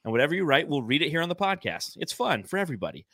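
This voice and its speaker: A man hosting a sports podcast, talking in a bright, forceful voice. He is animated, swears freely and acts out quotes. The sound is dry and close, with no room around it. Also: fairly high pitch, very fast, no echo. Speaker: podcast co-host. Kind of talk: casual sports podcast chat.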